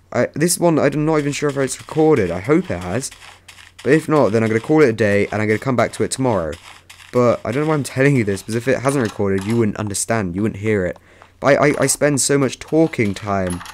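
A man's voice: mid-range voice, a little hiss or hum. A young man rambling chattily through casual gameplay commentary as a let's play host, breaking into sudden yelps.

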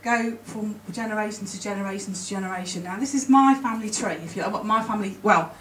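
A woman giving an emotional, chatty conference talk, with halting restarts. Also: mid-range voice, a bit bright. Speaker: conference speaker. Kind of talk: presentation to an audience. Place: conference hall. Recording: roomy hall, mic from a distance. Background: faint room ambience.

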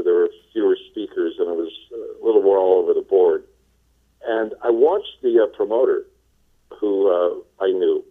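A man from the Los Angeles area, a sales trainer being interviewed, telling his story in a relaxed way with many fillers. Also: fairly low pitch. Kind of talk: casual phone interview. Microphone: telephone. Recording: tinny phone line.

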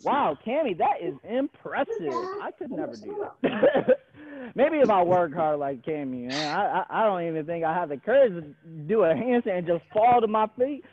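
An upbeat man coaching a gymnastics class over a video call, his voice pitched high and swinging widely as he counts reps and cheers the kids on. The audio is thin and phone-like. He sounds like he's in an indoor gym. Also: big pitch swings, moderate pace, a crowd in the background. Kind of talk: leading a live online exercise class.

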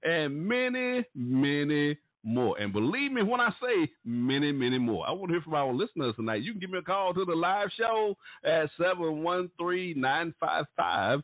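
A man hosting a gospel radio show, a showy, playful announcer with sudden jumps in pitch. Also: very animated, moderate pace, hardly any pauses, no echo. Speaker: radio host. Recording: tinny, phone-like, dry sound.

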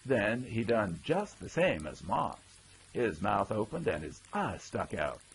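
A man narrating a folksy old-time story, with lively character voices. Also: lowish voice, measured pace, vocal fry, husky, rough recording. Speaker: audiobook narrator.

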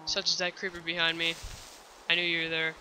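Bright, frustrated let's-play gamer voice. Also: medium pitch, completely flat delivery, fairly quick, slight background noise, rough recording. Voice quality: thick voice, keeps clearing throat. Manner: easily frustrated, complaining aloud. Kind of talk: casual game commentary. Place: at home.

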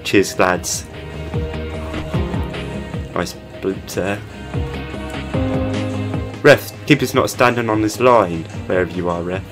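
A man's voice: deep voice, takes it slowly, pauses often, music in the background. A young man giving casual gameplay commentary and heckling the game characters. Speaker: gaming channel host.

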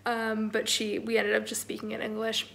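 A woman's voice: on the high side, completely flat delivery, moderate pace, gravelly, a bit bright, a little hiss or hum, low-quality recording. A woman in her twenties talking casually to her phone camera in a self-deprecating, chatty vlog. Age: 20s. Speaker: vlogger.

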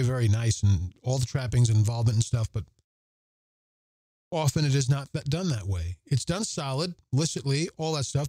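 Earnest man with a mellow voice. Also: mid-range voice, no echo. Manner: earnest, emphatic, repeats phrases for emphasis; reads scripture aloud and comments on it. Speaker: podcast host. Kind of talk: reflective Catholic podcast commentary.

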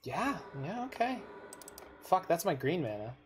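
A man's voice: on the high side, big pitch swings, measured pace, a little hiss or hum. Swearing, easily frustrated male gamer. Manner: talks to himself while playing. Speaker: gaming streamer. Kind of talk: casual gameplay commentary.

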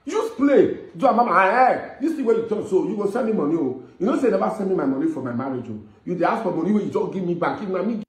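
Nigerian guy, really high voice that jumps all over, roomy echoey clip. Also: very animated, racing, few pauses, darkish tone.

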